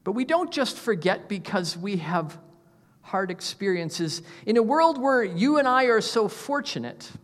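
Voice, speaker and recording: A man's voice: sits high, fairly bright tone. A man in his fifties preaching a sermon as pastor, emphatic and full of rhetorical questions. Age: 50s. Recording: long reverb of a large hall.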